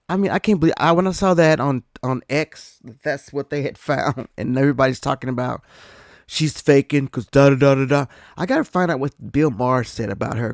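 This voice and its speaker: A man hosting his own podcast, giving casual commentary in an animated, indignant way. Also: mid-range voice, gravelly, no room sound, studio quality. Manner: animated and indignant, laughing often. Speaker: podcast host.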